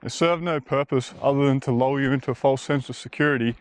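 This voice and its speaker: A man's voice: medium pitch, fast, clear, resonant tone, dry recording. A man talking bluntly and casually while walking a bush trail, rambling and swearing now and then. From Australia. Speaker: vlogger. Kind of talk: casual walking vlog monologue.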